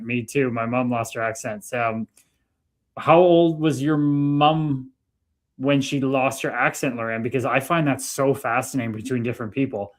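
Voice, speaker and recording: A Canadian man co-hosting a live stream in a loose, easygoing way. He talks at a middle pitch and keeps up a steady flow of chat, reading viewer comments aloud. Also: moderate pace. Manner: relaxed, chatty, reads chat aloud. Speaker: co-host.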